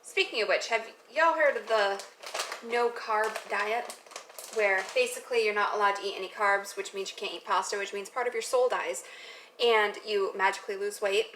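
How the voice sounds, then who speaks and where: A young woman with a medium-pitched, slightly bright voice chats at a moderate pace while cooking at home. As a vlogger walking through a recipe, she rambles and makes self-deprecating asides, all recorded with noisy kitchen sound.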